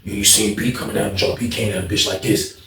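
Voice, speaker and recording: A man casually telling a story in an animated, profane, slang-heavy way. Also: fairly low pitch, quick pace, gravelly, slight background noise. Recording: roomy echo.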